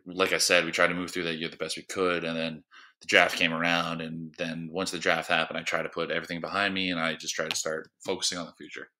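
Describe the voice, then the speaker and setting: A young man in his twenties, a drafted ball player, telling his story as a guest in a relaxed, slangy way with lots of fillers. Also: low voice, fast. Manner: laid-back, filler-heavy, slangy. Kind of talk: casual storytelling interview.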